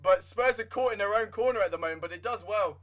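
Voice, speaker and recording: A young man giving live fan commentary on a football match, excitable and swinging from nervous muttering to shouting. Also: high voice, quick pace. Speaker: livestream football watchalong host.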